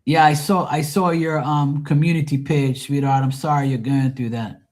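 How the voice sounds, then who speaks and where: A man's voice: on the high side, steady tone, moderate pace, a little mellow. A man hosting a live tarot stream, chatting casually with viewers in a blunt, profane, rambling way. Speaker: tarot reader and livestream host. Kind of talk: casual livestream chat with viewers.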